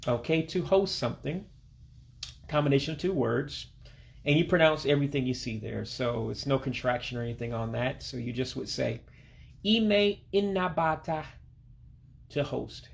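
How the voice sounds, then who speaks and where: This language lesson comes from a teacher from Alabama, United States, heard only as a voice-over to pictures and on-screen text. He has a middle-pitched voice with a gravelly, fry-edged texture. Taking his time, he repeats every word slowly and with care.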